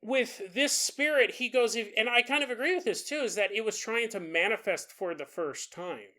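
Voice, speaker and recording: A man's voice: sits high, moderate pace, bright, forceful tone. A man hosting a paranormal podcast, retelling a ghost story in a casual, jokey way and mimicking the people in it. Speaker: podcast host.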